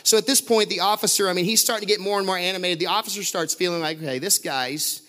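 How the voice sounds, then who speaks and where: Animated, laughing male preacher. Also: high voice, racing. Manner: animated, laughing often, many restarts and fillers. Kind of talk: sermon with storytelling.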